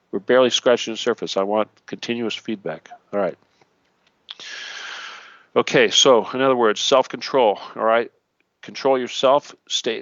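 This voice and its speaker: A man's voice: medium pitch, no room sound, dull audio. A man hosting an internet radio talk show, teaching in a preachy way, often checking in with "okay" and "all right" and adding jokey asides.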